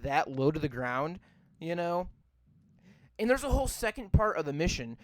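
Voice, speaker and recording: Young guy on a podcast mic, high clear voice, cussing nonstop while he rants, dry sound. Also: dry recording. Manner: swears constantly, ranting, mocking. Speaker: podcast host. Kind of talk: profane casual movie rant.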